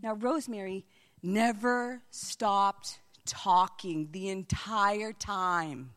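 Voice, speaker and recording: A woman preaching a sermon as a missionary speaker, telling stories with animation and dropping into hushed whispers. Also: mid-range voice, very slow, smooth.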